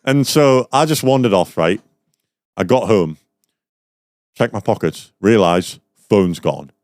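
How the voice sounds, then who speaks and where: A man's voice: fairly low pitch, animated, slow, darkish tone, no echo, studio quality. A young man, a podcast guest, telling a rambling story in casual chat with lots of fillers.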